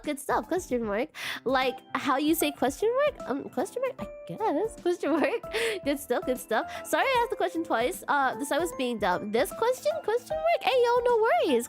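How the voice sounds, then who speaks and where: A young woman streamer with a high, bouncy voice that swings widely in pitch. She chats casually with viewers, giggles often and fills every pause with "question mark". Soft music plays faintly underneath. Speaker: VTuber streamer.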